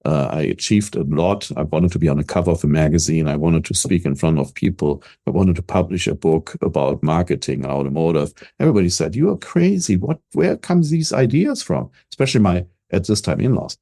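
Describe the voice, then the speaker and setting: Older german guy w/ a thick accent, low voice, confident and upbeat, stumbles on restarts. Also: fast, few pauses. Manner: energetic, self-assured, repeats words when starting. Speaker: guest, business coach. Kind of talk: casual interview talk.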